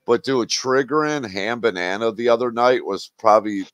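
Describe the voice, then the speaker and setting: A man's voice: medium pitch, normal speed, a bit bright, no room sound. A man from Wisconsin hosting a livestream, chatting casually in a blunt, mocking, profane way. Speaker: livestream host.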